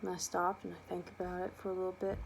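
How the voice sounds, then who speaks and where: A young adult woman telling a personal childhood story, lively and animated, acting out the quotes. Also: on the low side, fast, gravelly, a little hiss or hum. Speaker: student storyteller.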